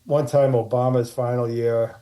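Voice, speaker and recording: A man tells loose, meandering stories in casual chat, often restarting his sentences. His tone is very dark and mellow, sitting in a middle pitch. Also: flat delivery, moderate pace. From Martha's Vineyard, USA. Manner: rambling anecdotes with many restarts. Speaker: podcast guest, actor. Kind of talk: casual storytelling.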